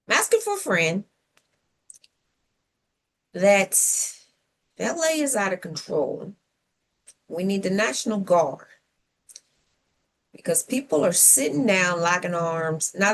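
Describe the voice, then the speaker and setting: A woman's voice: medium pitch, animated, slow, long pauses. A woman co-hosting a civic talk show, delivering opinionated commentary with sarcastic rhetorical questions and playful whoops.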